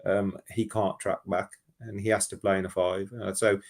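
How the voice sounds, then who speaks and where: A man calling in to a football phone-in, talking in an animated, rambling way and often restarting his sentences. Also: low voice, normal speed. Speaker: caller. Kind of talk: casual football phone-in chat.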